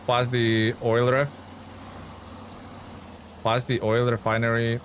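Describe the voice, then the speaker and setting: A man's voice: medium pitch, completely flat delivery, takes it slowly, fairly bright tone, slight background noise. Chatty male game streamer. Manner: chatty, reads chat aloud and answers viewers. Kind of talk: casual live-stream commentary.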